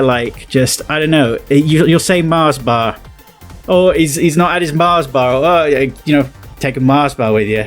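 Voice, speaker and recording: A man from southwest England with a West Country accent, chatting through a casual reaction commentary and rambling on with lots of fillers and restarts. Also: medium pitch. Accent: West Country English. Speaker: video commentator.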